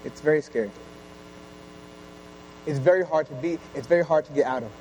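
A man's voice: on the high side, fairly quick, a little mellow, slight background noise, poor audio. A young man giving an earnest sermon, full of rhetorical questions.

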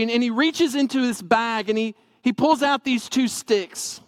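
A man's voice: very high-pitched, moderate pace, few pauses, no room sound. A man from Tennessee, animatedly telling a personal story and acting out the dialogue. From Tennessee, USA.

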